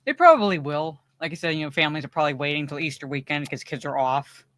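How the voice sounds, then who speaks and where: Male podcast co-host, eager and casual, slightly high, dry close sound. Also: fast, a bit bright, dry recording. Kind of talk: casual chat.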